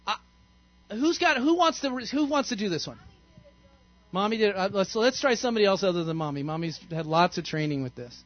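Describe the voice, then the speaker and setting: A man's voice: high-pitched, expressive, fairly quick, dull audio. A man, a pastor, giving an interactive sermon in a conversational, playful way and quizzing the congregation. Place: church sanctuary.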